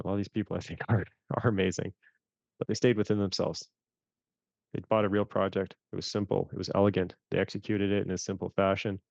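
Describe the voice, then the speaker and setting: A man from Canada talks through investing stories in a low, gravelly voice, slipping into quoted reactions with animated energy. The sound is dry and a bit dull, with little room around it. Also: dry recording. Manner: animated, acts out his own reactions in quotes. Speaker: fund manager guest. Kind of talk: casual interview storytelling.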